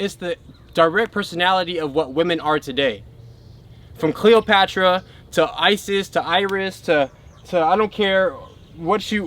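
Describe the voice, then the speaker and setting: High-voiced man giving an emphatic spiritual talk. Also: a bit bright. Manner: emphatic, keeps checking in with the listener. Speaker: spiritual teacher.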